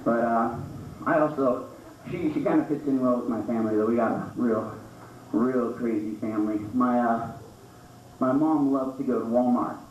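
A man doing a stand-up comedy set on a small club stage, jumping into high squeaky voices for the characters in his stories. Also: moderate pace. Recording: roomy, distant, dull club recording with noise.

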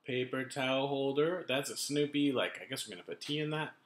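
This vlogger, a man in his thirties, chats loosely into his laptop camera in a home room with kitchen things around, poking fun at himself along the way. He speaks animatedly and a little fast, with a medium-pitched, fairly bright voice in a roomy-sounding space.

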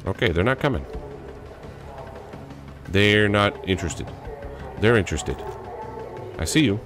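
Low-voice guy with a cold, frantic jokey let's play chatter, big pitch swings, game music loud behind. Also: big pitch swings, a little slow. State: has a cold. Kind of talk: gaming commentary.

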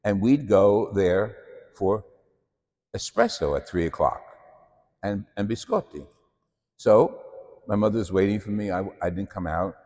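Deep-voiced priest telling stories. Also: male voice, lively intonation, unhurried, long pauses, darkish tone, long reverb tail. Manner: anecdotal storytelling, self-deprecating. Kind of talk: sermon. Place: church.

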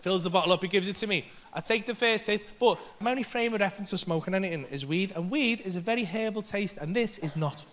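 A male English stand-up comedian telling a story on stage, animated and sweary, acting out both sides of the conversation. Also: sits high, quick pace, hardly any pauses.

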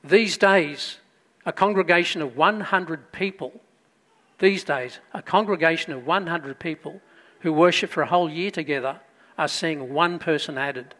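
Preaching as a pastor, this man has a voice that runs fairly high for a male. He tells his story at a normal pace, building emphasis and then slipping into quieter asides.

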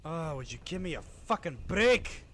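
A man streaming a horror game, swearing and reacting out loud as he plays. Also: fairly high pitch, big pitch swings, moderate pace, a little hiss or hum. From United States. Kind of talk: horror game livestream commentary.

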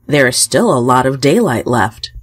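A woman voicing a polite young man far from home, speaking gently and courteously in a children's storybook. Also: very deep voice, sing-song, moderate pace, breathy edge, dry recording, clean studio sound, pitched below the performer's own voice, exaggerated voice.

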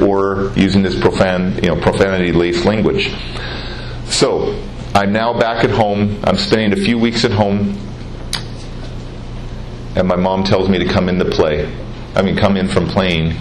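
A man giving an earnest personal testimony speech, telling his story with dramatic pauses and repetition. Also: fairly low pitch. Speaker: public speaker. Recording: roomy hall, faint noise.

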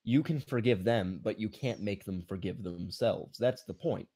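A man with a mellow, relaxed, fairly low voice reads old-fashioned prose in a slow, measured way. Between passages he comments in ordinary conversational talk. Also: husky. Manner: slow, measured reading, then plain remarks. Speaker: co-host reading and commenting on a philosophy text. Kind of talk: reading aloud with commentary.

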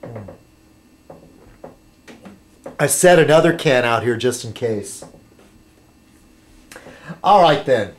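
A man vlogging casually to his subscribers, rambling and halting, with many fillers and restarts as he sips a beer. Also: mid-range voice, expressive. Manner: chatty while sipping beer.

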